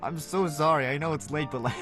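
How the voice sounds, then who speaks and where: A streamer reading a fantasy game story aloud live, reacting with frequent laughter and emotion. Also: mid-range voice.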